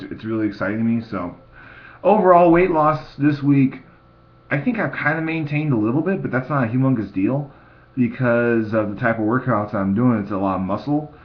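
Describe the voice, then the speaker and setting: A man's voice: lowish voice, lo-fi sound. A young man talking casually in a video diary, rambling and restarting his sentences. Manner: rambling, repeats words and restarts. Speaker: fitness vlogger. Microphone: computer mic.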